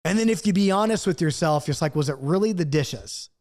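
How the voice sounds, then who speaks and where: A man teaching a Bible study straight to camera, acting out angry outbursts and then dropping to a hushed, earnest tone. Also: on the high side, expressive, a little fast. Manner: acts out quoted outbursts, swings between loud and hushed.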